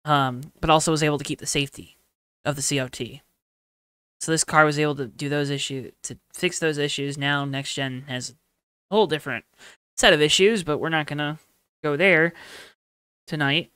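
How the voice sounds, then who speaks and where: Young male podcast host, bright clear voice, rambling explainer, dry close mic. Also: a little high, fairly even intonation, normal speed, long pauses, no echo. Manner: rambling, lots of ums, explains at length. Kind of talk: casual chat.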